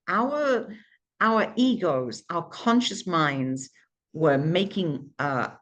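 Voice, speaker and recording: A woman's voice: on the low side, fairly bright tone. A woman hosting her own podcast, telling a candid, emotional personal story with frequent restarts and asides. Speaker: podcast host.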